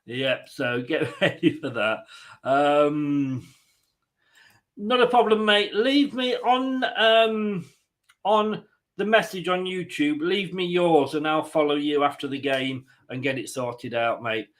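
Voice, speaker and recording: A man's voice: fairly high pitch, takes it slowly, a bit bright, rough recording. An English man hosting a football watchalong stream, chatting casually, joking and greeting viewers by name. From England. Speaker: host of a football watchalong livestream. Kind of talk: casual chat reading viewers' comments.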